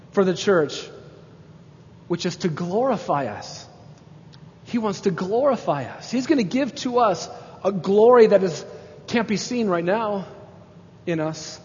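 A man with a fairly high, slightly mellow voice preaches a sermon emphatically, building to exclamations as he drives home his points. The recording sounds dull, with long reverb like a large hall.

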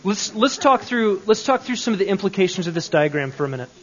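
A man's voice: high-pitched, expressive, fast talker, muffled recording. A man teaching a Bible grammar lesson, explaining step by step and checking in with questions.

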